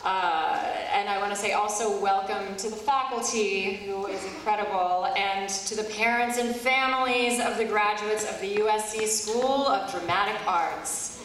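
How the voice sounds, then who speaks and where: A woman's voice: mid-range voice, moderate pace, hardly any pauses, a bit bright, a little hiss or hum. A middle-aged woman giving a commencement speech, playful, self-deprecating and emotional. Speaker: commencement speaker. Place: large auditorium. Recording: echoey hall from far off.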